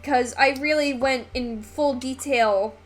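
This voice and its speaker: A woman's voice: high-pitched, takes it slowly. A young woman streaming while she paints, chatting in a rambling way with lots of fillers and the odd swear word. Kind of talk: casual chat while painting on a live stream.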